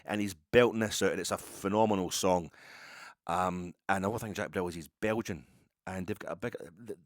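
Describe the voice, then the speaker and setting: A man with a deep, low voice talks on his own in a loose, wandering way, doubling back and restarting as he goes. The sound is dry and close, with no room echo. It feels like a casual solo podcast about football. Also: a little fast. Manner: digressive, chatty storytelling with many restarts. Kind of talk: casual rambling monologue.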